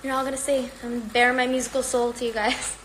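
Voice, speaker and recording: A woman's voice: on the high side, little pitch movement, fairly quick, fairly bright tone, slight background noise, rough recording. Chatty woman, slightly out of breath. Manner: chatty, rambling, upbeat. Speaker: livestream host. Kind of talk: casual livestream chat. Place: at home.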